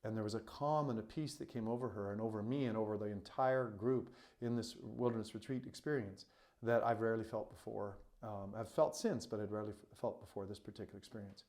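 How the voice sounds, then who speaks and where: A man's voice: lowish voice, fairly even intonation, brisk, darkish tone. Earnest man telling a heartfelt story. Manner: earnest, emphatic, heartfelt, with many "you know" fillers. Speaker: coach and retreat facilitator. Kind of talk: personal storytelling to camera.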